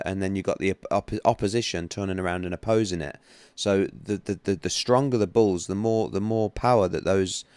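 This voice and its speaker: Low-voiced man, rambling stream host. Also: darkish tone, smooth, no echo. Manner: rambling, chatty, many restarts and fillers. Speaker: livestream host, trading analyst. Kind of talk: casual livestream chat.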